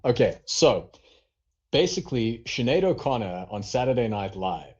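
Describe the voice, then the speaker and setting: A man's voice: mid-range voice, lively intonation, normal speed, a little mellow. Rambling male podcast co-host, lo-fi sound. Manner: rambling, filler-heavy storytelling. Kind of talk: casual chat.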